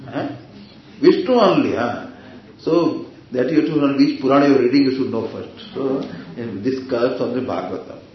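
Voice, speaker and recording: A man's voice: medium pitch, normal speed. A man giving a scripture discourse, telling stories and asking his listeners questions. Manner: storytelling, with Sanskrit terms and asides to listeners. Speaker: spiritual teacher. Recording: very echoey dull hall recording.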